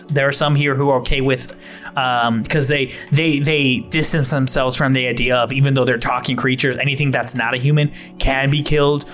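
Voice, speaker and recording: A man's voice: on the high side, a bit bright. A young man narrating as game master, rambling with many fillers.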